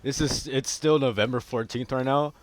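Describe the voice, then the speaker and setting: A young man giving casual, profane gameplay commentary, often bursting into yells. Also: medium pitch, normal speed. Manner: profane, excitable, bursts into yelling. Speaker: gaming video creator.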